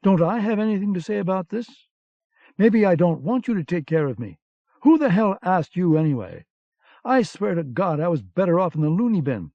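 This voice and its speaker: A man's voice: on the high side, wildly swooping pitch, normal speed, vocal fry, breathy edge, dry recording, exaggerated voice. A man reading an audiobook, voicing a small, frightened German ex-cook with whiny, indignant outbursts, on a dull lo-fi cassette recording. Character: little male German ex-cook, complaining and frightened.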